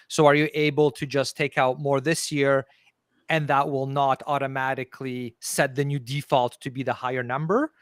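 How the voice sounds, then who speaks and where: Podcast host asking long questions, dry sound. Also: male voice, medium pitch, no echo. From Canada. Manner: thoughtful, long carefully worded questions. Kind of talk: interview questions.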